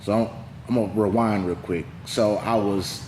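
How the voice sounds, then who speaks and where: A man's voice: lowish voice, fairly even intonation, moderate pace, darkish tone, a little hiss or hum. A man, a heavyweight fighter, telling his story in an interview in a loose, rambling way with lots of fillers and quoted dialogue. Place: gym. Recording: echoey room.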